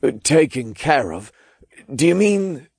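A man voicing a rattled middle-aged male paranormal expert with a raspy, dry voice, talking in a bewildered, hesitant way. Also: fairly high pitch, big pitch swings, takes it slowly, a little mellow, no echo, pitched above the performer's own voice, exaggerated voice.

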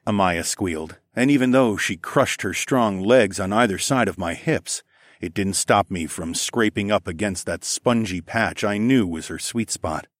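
A man with a very deep voice reads a first-person erotic audiobook. His delivery is low, intimate and unhurried, recorded dry and close to the mic. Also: dry recording. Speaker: audiobook narrator.

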